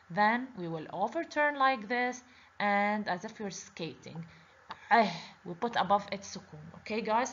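Slow, patient woman teacher, lo-fi recording. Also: on the high side, bright, forceful tone. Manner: patient, repeats words slowly, asks the class questions. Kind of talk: children's Arabic letter lesson. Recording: dull lo-fi recording.

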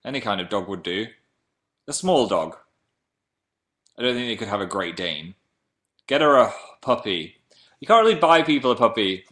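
Bright-voiced man chatting playfully. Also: lowish voice, big pitch swings, normal speed, pauses often. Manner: chatty, playful, reads viewer comments aloud. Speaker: livestream host. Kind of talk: casual livestream chat.

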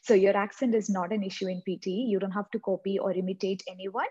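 Woman tutor with a non-native english accent, husky mellow voice, dull lo-fi sound, keeps repeating the main points. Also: medium pitch, fairly even intonation, quick pace. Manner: earnest, repeats key points for emphasis. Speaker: exam coaching tutor. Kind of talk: instructional tutorial.

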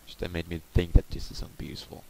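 A Let's Play host talks his way through a game in a low, monotone voice that is quick and warm. He chats to the on-screen monsters, swears freely and sometimes drops to a murmur, over clear background noise in a low-quality recording.

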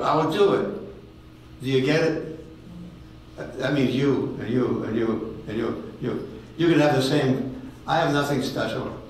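Man in his 80s, echoey distant hall. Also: medium pitch. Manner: halting, repeats words, folksy storytelling. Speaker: guest speaker giving testimony. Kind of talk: personal testimony sermon. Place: ministry meeting room with audience. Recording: very echoey hall, distant mic, faint noise.

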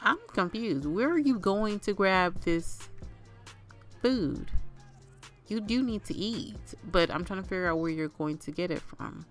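A woman's voice: medium pitch, animated, unhurried, soft background music. A woman casually commentating her life-sim gameplay and chatting to her game characters as if they were family. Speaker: gaming channel host.

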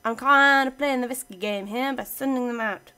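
A woman's voice: on the high side, moderate pace, sharp tone, smooth. A woman giving casual let's-play commentary, chatting playfully to her game units as she plays. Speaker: gaming channel host.

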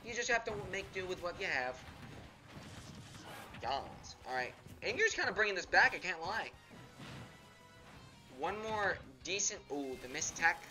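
A man streaming a fighting game, chatting casually in a rambling, laid-back way full of fillers as he comments on matches. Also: on the high side. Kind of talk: casual live gameplay commentary.

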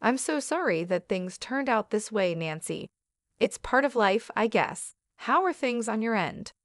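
A woman voicing a kindly, sympathetic older uncle who speaks gently and consolingly. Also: on the high side, animated, a little slow, dry recording, studio quality. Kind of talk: storytelling dialogue.

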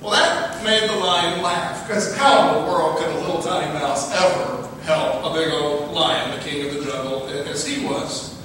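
Pastor in his forties, earnest sermon, high bright voice, heard from far off in a long-reverb sanctuary. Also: a little hiss or hum. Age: 40s. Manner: earnest, slowing for emphasis. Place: large church sanctuary. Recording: echoey hall from far off.

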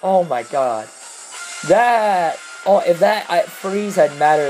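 Young adult, gameplay commentary, exasperated swearing outbursts, rushed mumbled strategy talk, mid-pitched voice, faint music behind. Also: lively intonation, a little mellow, rough recording. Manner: exasperated, swearing outbursts over bad luck. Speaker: video game player commentating own battles.

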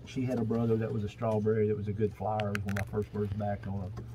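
A man's voice: fairly low pitch, monotone, quick pace, background noise. A man in his seventies with a Kentucky accent, a pigeon breeder rambling through a casual walkthrough of his loft, full of fillers and repeats. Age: 70s. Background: pigeons cooing.

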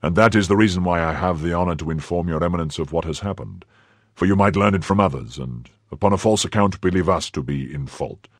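A man voicing a firm, courteous musketeer who speaks in a low, measured, respectful way. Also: dry recording, clean studio sound.

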